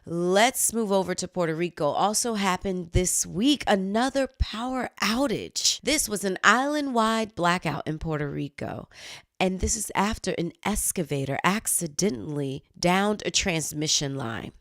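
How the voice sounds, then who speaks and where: A woman hosting a chatty news commentary show, animated and quick to exclaim. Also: lowish voice, dry recording, studio quality. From United States. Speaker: host.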